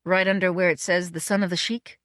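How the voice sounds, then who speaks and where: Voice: mid-range voice, little pitch movement, a little fast, a bit bright, no room sound, studio quality, close to an everyday voice. A reader voicing a cheerful, polite young man who works as a stunt double. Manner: polite, eager, slightly fussy.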